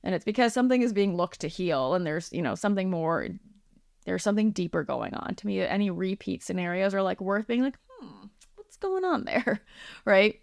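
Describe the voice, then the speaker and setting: A woman's voice: medium pitch, a little fast, gravelly, a little mellow, clean tone, no echo, clean studio sound. A woman hosting her own podcast, talking casually with lots of fillers and acted-out quotes. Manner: chatty and casual, many likes and ums, acts out quoted voices. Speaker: podcast host, healing practitioner. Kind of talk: solo podcast monologue.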